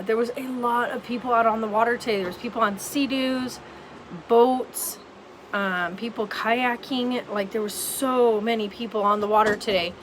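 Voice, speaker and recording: A woman's voice: mid-range voice, a bit bright, a little hiss or hum, poor audio. A tired, yawning woman vlogging casually from home, rambling with lots of ums. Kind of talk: casual vlog chat.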